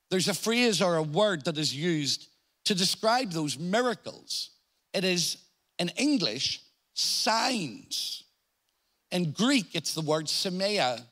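Irish guy giving a sermon, unhurried, stresses the quotes hard. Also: high voice, a bit bright. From Ireland. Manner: slow, deliberate teaching with emphatic quoted lines. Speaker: preacher.

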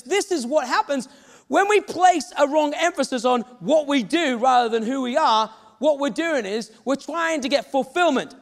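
A man's voice: very high voice, a bit bright. A man preaching a sermon, telling stories and acting out the voices of the people in them. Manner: storytelling, acts out quoted voices. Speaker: pastor. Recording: reverberant hall.

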